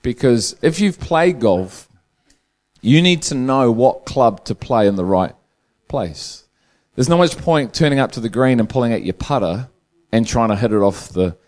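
A man's voice: medium pitch, lively intonation, normal speed, a little mellow. A man preaching a humorous sermon, telling a long joke as a storyteller who chuckles through his own punchlines.

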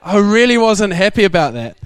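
A young man preaching a sermon, telling stories in a lively way and laughing often. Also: high-pitched, brisk, clear, resonant tone, no room sound. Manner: animated, laughing storyteller. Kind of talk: sermon storytelling.

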